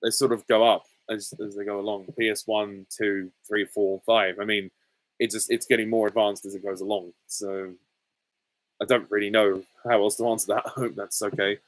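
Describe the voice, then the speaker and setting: A man in his twenties answering viewer questions in a casual live Q&A, easygoing and hesitant with frequent ums and soft laughs. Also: fairly low pitch, little pitch movement, moderate pace, no room sound, low-quality recording. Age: 20s. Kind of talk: casual live Q&A reading chat comments.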